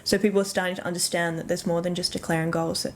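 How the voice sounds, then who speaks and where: A woman's voice: on the low side, level tone, fast. A woman with an Australian accent, a holistic coach talking earnestly and emphatically as a podcast guest. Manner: earnest, emphatic, swears casually. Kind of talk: casual conversational interview.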